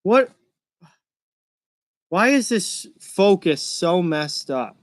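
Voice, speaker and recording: A man's voice: high voice, sing-song, drawn-out words, no echo, clean studio sound. A young man from Massachusetts with a mild Massachusetts accent, hosting a live hockey reaction stream and chatting casually while he answers live chat questions.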